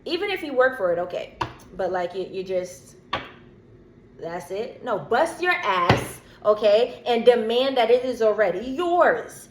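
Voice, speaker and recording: A woman's voice: a little high, animated, a little slow. A woman giving a casual tarot reading to her viewers, blunt and streetwise, cursing freely. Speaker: tarot reader. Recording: echoey room with faint background noise.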